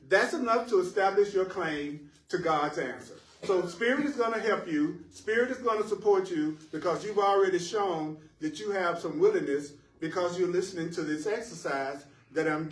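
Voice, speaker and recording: A man teaching a live spiritual class to listeners in the room, animated and playful, laughing at his own jokes and repeating phrases for emphasis. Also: high voice. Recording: roomy echo, voice picked up from a distance.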